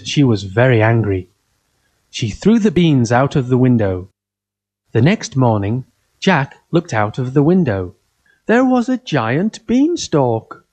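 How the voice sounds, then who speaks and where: Slow, careful male storyteller. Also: medium pitch. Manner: simple, even sentences, read aloud carefully. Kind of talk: scripted fairy-tale narration for children.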